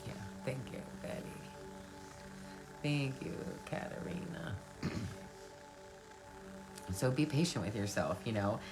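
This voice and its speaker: Over loud music in a low-quality recording, a spiritual self-help live streamer with a rumbling low, creaky voice speaks slowly and very animatedly, pausing often. She answers viewer comments casually and earnestly, encouraging them, laughing often and repeating phrases for emphasis.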